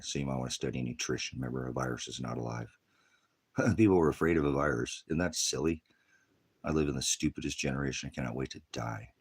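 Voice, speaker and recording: A man's voice: extremely low pitch, husky. A retired male pastor preaching in a rambling, combative rant that jumps from topic to topic. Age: older.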